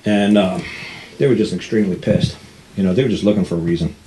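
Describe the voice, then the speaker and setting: A man's voice: deep voice, fast talker, mellow, slight background noise, poor audio. A man telling a rambling, blunt story in a casual way and acting out the people he quotes.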